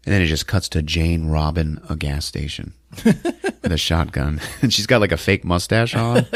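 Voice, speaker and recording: A man's voice: sits low, moderate pace, dry recording, studio quality. A man hosting a podcast, recapping a movie in a casual way and acting out the lines in put-on voices with frequent laughter. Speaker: podcast host.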